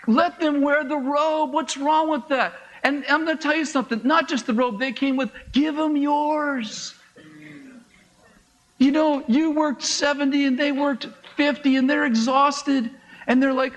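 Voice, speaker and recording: High-pitched guy preaching, chatty and animated, throws in little asides and laughs. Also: unhurried, low-quality recording. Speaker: pastor. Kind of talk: sermon.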